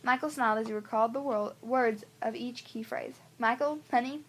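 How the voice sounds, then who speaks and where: A woman reading a novel aloud, unhurried and gentle, with small slips now and then. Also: on the high side, steady tone, a little hiss or hum. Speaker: audiobook reader. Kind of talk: audiobook narration.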